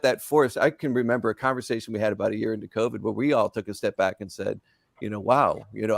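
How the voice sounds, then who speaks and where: A man with a low, gravelly voice and a dry, close sound, speaking earnestly as a company executive on a webinar panel. He repeats words as he builds his points. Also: no echo. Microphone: video call.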